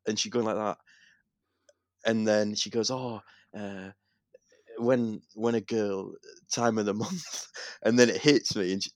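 A young man, co-hosting a podcast and telling an animated story with swearing and laughter. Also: fairly low pitch, normal speed, dry recording, studio quality. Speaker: podcast co-host. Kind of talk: casual podcast chat.

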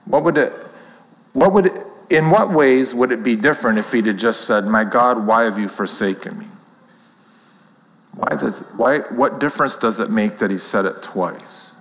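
A man's voice: mid-range voice, animated, normal speed, in a large hall, poor audio. A man teaching a Bible class, reading scripture aloud with rising emphasis and asking the group questions.

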